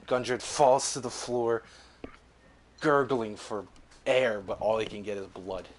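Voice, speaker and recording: Young male game master with a low voice and a loose, profane, vivid style. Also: steady tone, slow pace, a little hiss or hum. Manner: vivid, swearing freely, laughing between beats. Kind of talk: narrating a tabletop game.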